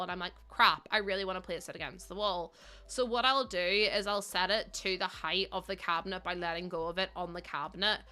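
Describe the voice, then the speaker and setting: A woman's voice: mid-range voice, sharp tone. A young woman from Northern Ireland with a Northern Irish accent, chatting casually with viewers while building in a game on a livestream. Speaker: game streamer.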